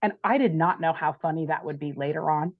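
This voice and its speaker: A woman's voice: deep voice, fast, no room sound, phone-quality sound. Chatty woman telling a story. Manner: animated, chatty, frequent "like" and "right?". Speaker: podcast guest. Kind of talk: personal storytelling in conversation.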